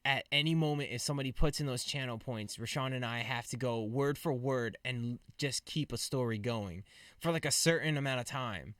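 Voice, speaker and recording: Casting: relaxed man streamer host, mid pitch, dry close mic, easy laugh. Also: moderate pace, no echo. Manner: laid-back, laughs easily. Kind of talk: casual chat.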